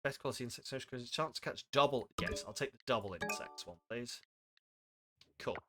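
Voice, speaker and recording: A man's voice: mid-range voice, animated, brisk, over music. A man streaming a game with casual, rambling commentary, self-mocking and full of asides.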